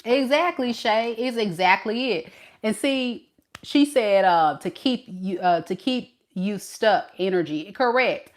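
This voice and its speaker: Blunt animated woman reading tarot. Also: mid-range voice, takes it slowly. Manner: animated, blunt, addresses viewers as y'all. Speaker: tarot reader. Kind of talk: live tarot reading to viewers.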